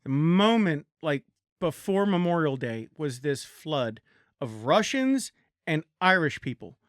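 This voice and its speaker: A young man from the Baltimore area talks in a loose, halting podcast chat, often restarting and repeating his words. His voice sits fairly high for a man. The recording is close and dry. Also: sing-song, dry recording. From Baltimore area, Maryland. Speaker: podcast co-host or guest.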